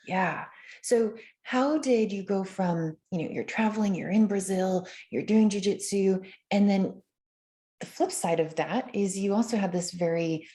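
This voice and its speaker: A woman's voice: medium pitch, a little slow, dark tone. A woman hosting a podcast interview who affirms her guest and reflects on his story. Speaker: podcast host.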